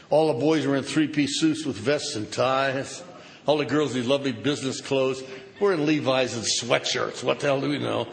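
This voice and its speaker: A man's voice: medium pitch, vocal fry. An older man telling a story at a recovery meeting with a sardonic, punchy comic delivery. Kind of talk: humorous storytelling talk. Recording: reverberant hall with background noise.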